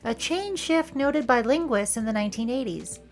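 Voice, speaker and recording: A woman's voice: on the high side, lively intonation, normal speed, faint music behind. A woman from California with a Valley Girl accent, hosting a playful, wry commentary over film clips. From San Francisco area, California. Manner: playful, wry, joking asides. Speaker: video essay host.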